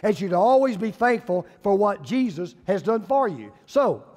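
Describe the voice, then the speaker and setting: A male pastor, preaching a sermon with folksy humor and lively storytelling. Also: high voice, normal speed, in a large hall.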